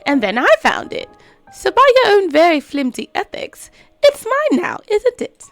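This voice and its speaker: Rich: a woman playing a smug, riddling male cat from a game, purring out teasing half-answers in a put-on accent. The voice sits high and swoops widely, full of sly lilts. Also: big pitch swings, moderate pace, no room sound, soft background music.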